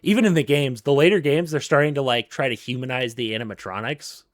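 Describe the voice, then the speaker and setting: A man's voice: medium pitch, fast, no echo, clean studio sound. A man co-hosting a casual gaming podcast, rambling with lots of fillers and restarts. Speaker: podcast co-host.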